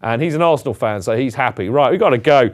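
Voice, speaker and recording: A man's voice: medium pitch, animated, quick pace. A man hosting a fan podcast in casual, jokey, rambling chat. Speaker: podcast host.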